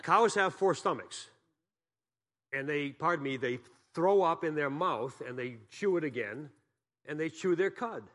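A man's voice: fairly high pitch, lively intonation, unhurried, fairly bright tone. A man from Massachusetts giving a guest sermon as a pastor, telling folksy, joking stories and asking the congregation questions.

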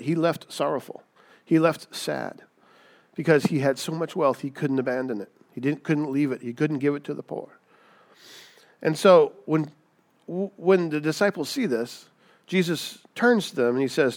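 A man's voice: on the high side, normal speed. A man preaching a sermon in a conversational way, often asking rhetorical questions. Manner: conversational, asks rhetorical questions, acts out voices.

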